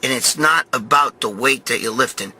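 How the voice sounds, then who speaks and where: A middle-aged man, giving a blunt, profane gym pep talk that grows loud and excited as a bodybuilding vlog host. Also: medium pitch, normal speed, breathy edge. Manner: blunt, swearing, repeats himself, growing loud and excited. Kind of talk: profane motivational gym rant.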